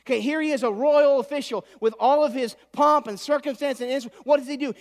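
A man in his thirties preaching a sermon, swinging between loud pleading and soft, close talk. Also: extremely high pitch, a little fast, few pauses. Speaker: pastor. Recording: long hall reverb.

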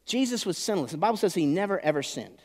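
A man preaching a sermon as pastor, animated, swelling loud and then dropping soft. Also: high voice, fast, long reverb tail.

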